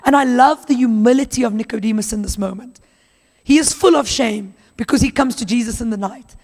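A woman's voice: a little high, fairly quick, gravelly, darkish tone. Woman preaching in a reverberant hall. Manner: conversational, acts out Bible dialogue in voices. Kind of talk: sermon.

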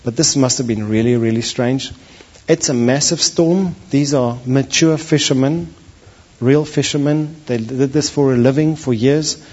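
A man preaches a sermon in a husky, slightly breathy voice, and he is animated, acting out the people in his stories. The recording sounds dull and lo-fi, with little crispness at the top. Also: medium pitch, measured pace. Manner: animated, acts out voices of biblical figures. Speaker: pastor.

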